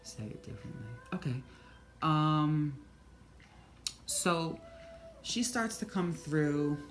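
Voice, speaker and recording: A woman with a strikingly low voice tells her own story straight to camera. She talks in an animated way, curses without a second thought and acts out her own inner thoughts. Soft music plays faintly behind her. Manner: animated, swears freely, quotes thoughts aloud. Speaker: vlogger. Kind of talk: personal storytelling monologue.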